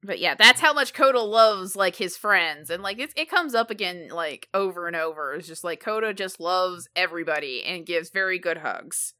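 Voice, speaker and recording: A woman co-hosting a casual podcast chat, talking with constant "like" fillers and quick asides. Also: fairly low pitch, lively intonation, bright, forceful tone. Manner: chatty, leans heavily on "like", quick asides. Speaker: podcast co-host.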